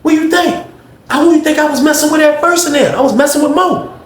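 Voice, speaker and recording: A man voicing a fellow male inmate in a high, sing-song, wheedling tone. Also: fast, echoey room.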